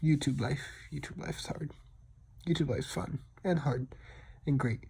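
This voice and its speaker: Young adult male, mellow and husky, low-key self-deprecating voice-over, half-whispered. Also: unhurried. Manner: talks quietly, partly whispered. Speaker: digital artist. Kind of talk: casual voice-over over a speed drawing.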